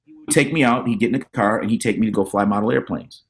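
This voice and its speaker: A middle-aged man, a drummer and educator, telling animated stories about his mentors as a podcast guest and acting out the voices of the people he quotes. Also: fairly low pitch, fast. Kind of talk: casual storytelling interview.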